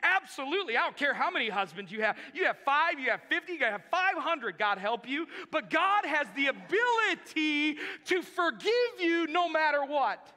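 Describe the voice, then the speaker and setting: A man's voice: extremely high pitch, sing-song, normal speed, hardly any pauses, sharp tone. A male pastor preaching a sermon in a church, emphatic and repeating key phrases for effect. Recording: long reverb of a large hall.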